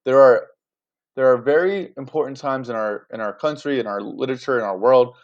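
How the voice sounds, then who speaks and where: A man's voice: mid-range voice, fairly quick, highs cut off. A man teaching a class in a casual, chatty way, often checking in with his students. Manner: chatty, checks in with "right?" and "you guys".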